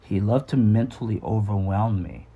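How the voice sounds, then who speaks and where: A man's voice: lowish voice, moderate pace, breathy edge, phone-quality sound. A man telling a candid personal story about his childhood, with frequent restarts and some swearing.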